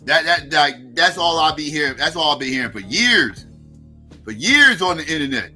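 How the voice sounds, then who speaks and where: A man hosting a livestream, ranting in a loud, mocking, heavily profane way. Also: a little high, lively intonation, moderate pace, soft background music. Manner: heavy cursing, mocking, loud bursts. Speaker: livestream host. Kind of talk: profane political rant.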